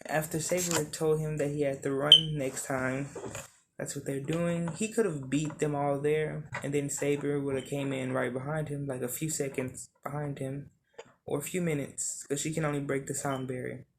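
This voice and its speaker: A narrator improvising a fan-made story, talking in a halting way with many ums and correcting details as they go. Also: medium pitch, flat delivery, noisy background.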